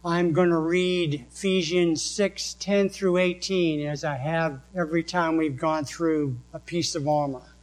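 A man with a New England accent, preaching a sermon and reading scripture verses slowly and deliberately. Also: a little high, low-quality recording. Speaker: pastor.

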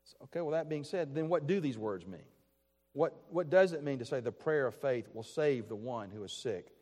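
A man preaching a sermon, earnest and measured, asking rhetorical questions and restarting phrases as he works through a passage. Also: medium pitch, animated, darkish tone, faint music behind. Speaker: pastor. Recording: long hall reverb.

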